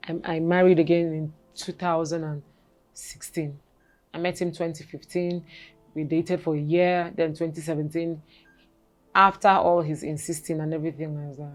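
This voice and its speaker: A woman in her forties, a guest telling her personal story in an interview, halting and repeating words, then turning animated. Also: fairly low pitch.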